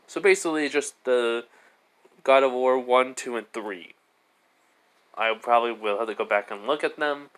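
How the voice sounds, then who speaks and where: A man's voice: mid-range voice, normal speed, long pauses, a bit bright. A man narrating an improvised fan story in a rambling way, leaning on "basically" and "he goes".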